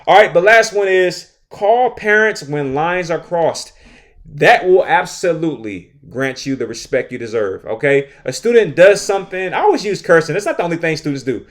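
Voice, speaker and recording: Emphatic man, slightly high voice. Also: animated, moderate pace. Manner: emphatic, repeats points, checks in with "all right?"; acts out his own classroom lines. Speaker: teacher hosting a podcast. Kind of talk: podcast monologue with advice.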